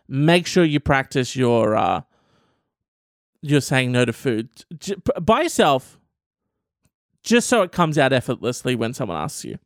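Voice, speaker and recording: Comedic male podcast host, rambling and profane, very lively delivery, dry sound. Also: medium pitch, measured pace, pauses often, no room sound. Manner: reads out an article and riffs on it.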